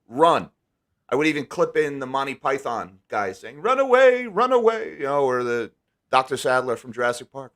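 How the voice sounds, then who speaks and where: A man's voice: a little high, sharp tone. A man hosting a casual live stream, talking candidly and with emphasis, often restarting his words. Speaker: host.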